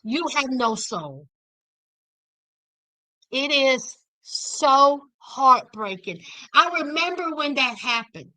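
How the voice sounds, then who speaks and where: A woman hosts a casual recap livestream, talking straight to her viewers. Her voice sits high and bright, and she takes her time with each line. The sound is dry and close to the mic. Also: takes it slowly, no room sound, low-quality recording. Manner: animated, talks to chat viewers by name. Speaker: recap show host.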